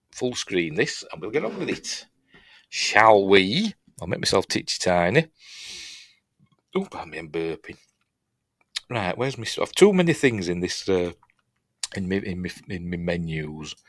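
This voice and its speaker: A deep-voiced man with a Yorkshire accent and a fairly bright tone rambles through an informal film review. He's talkative and self-deprecating, with plenty of fillers and false starts, captured in a dry, studio-quality recording.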